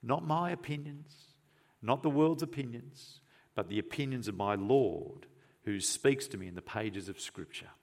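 A man preaching a sermon, earnest and emphatic, asking rhetorical questions and moving between forceful stresses and quiet, hushed phrases. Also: mid-range voice, a little slow.

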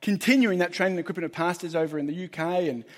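A man's voice: sits high, rapid-fire. A middle-aged man, a pastor giving a chatty, joking sermon with plenty of fillers.

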